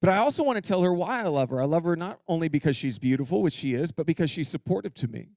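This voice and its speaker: A male pastor preaching a sermon in a church, energetic and humorous, drawing call-and-response from his congregation. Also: on the high side, quick pace, no echo, clean studio sound. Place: church sanctuary.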